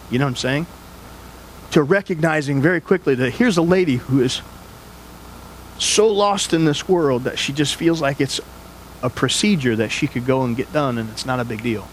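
Guy pastor telling a story in his sermon, kinda high voice, restarts a lot, bit of hiss behind. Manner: earnest, conversational, restarts words.

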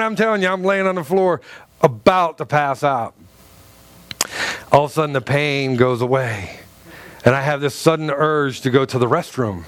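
A pastor with a high voice delivers a sermon built around a funny personal story, speaking before a live congregation in a church sanctuary. He tells it with animation, acting out groans and quotes and restarting often. There's no echo on the sound.

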